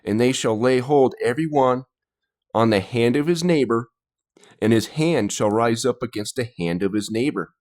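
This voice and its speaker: A man's voice: medium pitch, moderate pace, darkish tone. A man hosting a reaction channel, chatting casually and agreeably. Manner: agreeable, easygoing.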